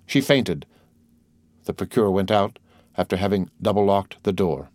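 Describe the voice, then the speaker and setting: A man with a low voice narrates a classic novel aloud. He reads in a steady, formal storytelling manner. The recording is dry and close, with no room sound. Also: normal speed, long pauses, dry recording. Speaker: audiobook reader. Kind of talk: scripted narration.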